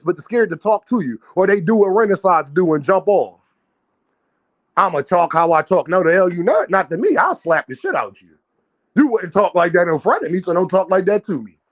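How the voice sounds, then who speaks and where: A brash, trash-talking male streamer riffs on boxing and calls out his chat with a high-pitched, animated voice. His profane banter sits in dull, lo-fi stream audio. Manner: addresses chat directly, calls out viewers. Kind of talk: live-stream boxing commentary.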